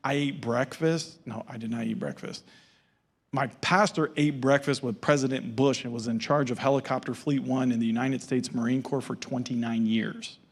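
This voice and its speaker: A man's voice: medium pitch, gravelly, slightly rough. A male pastor giving a sermon in a casual storytelling manner and acting out the dialogue.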